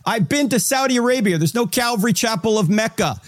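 Male host: high, lively voice that pushes emphatic rhetorical questions at the guest. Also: a little fast. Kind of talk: talk show interviewing.

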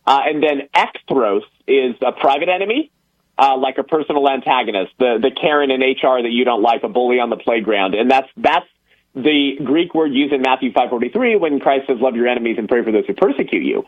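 A man explains things in a casual, chatty way, pausing often on fillers. The recording sounds dull and muffled. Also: medium pitch, expressive. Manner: chatty, many fillers, explaining word meanings.

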